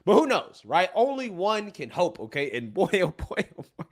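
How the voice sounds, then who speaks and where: A man opening his show in a sarcastic, teasing tone. His voice sits high and moves all over the place in pitch. The delivery sounds like a casual talk-show opener. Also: very animated, moderate pace. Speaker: host.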